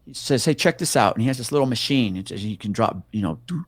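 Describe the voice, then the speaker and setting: A man's voice: medium pitch, fast talker, dry recording. A middle-aged man, a police officer, telling a story in a casual interview with lots of swearing and acting out the voices of the people in it. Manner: profane, animated, acts out the voices of people in his story.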